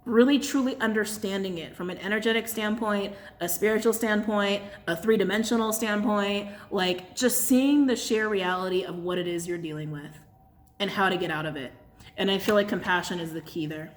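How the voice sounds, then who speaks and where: A woman's voice: medium pitch, moderate pace. Chatty, blunt woman giving a reading. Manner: chatty, laughs often, blunt and swearing. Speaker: tarot and crystal reader. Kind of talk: casual channeled reading to camera.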